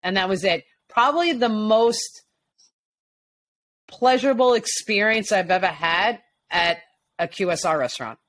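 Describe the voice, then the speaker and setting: A woman from Long Island co-hosting a casual talk show, telling stories in a lively way and acting out what people said. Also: mid-range voice, a little slow. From Long Island, New York. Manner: animated storyteller, acts out quotes. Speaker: podcast co-host. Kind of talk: casual chat.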